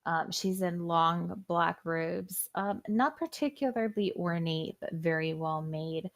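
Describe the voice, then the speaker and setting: Gravelly-voiced woman game master. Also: fairly low pitch, slow pace. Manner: descriptive, with frequent "um"s. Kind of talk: narrating a one-on-one tabletop game.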